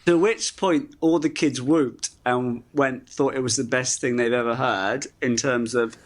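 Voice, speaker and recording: A man's voice: medium pitch, steady tone, measured pace. Laughing, self-deprecating man from the UK. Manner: chatty, laughs through his stories, self-deprecating. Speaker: actor guest. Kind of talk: casual interview chat.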